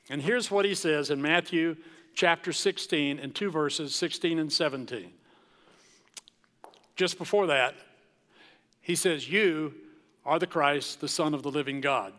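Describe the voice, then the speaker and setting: A man preaching from the pulpit in slow, deliberate phrases with long dramatic pauses. His voice is bright and a little high for a man. Long reverb from the large hall trails each line. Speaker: pastor. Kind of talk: sermon.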